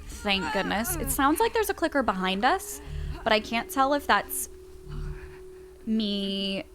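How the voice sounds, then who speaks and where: A woman's voice: fairly high pitch, sing-song, measured pace, music in the background. A woman streaming a game, chatting to viewers and coaxing her character along. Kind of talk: live gameplay commentary.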